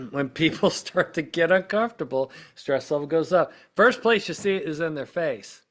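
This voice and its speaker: A witness-prep consultant hosts his podcast in a fairly high, fairly bright voice with lively intonation at a moderate pace. He keeps it conversational, tossing in "right?" and "okay?" as he explains, and briefly acts out what people said.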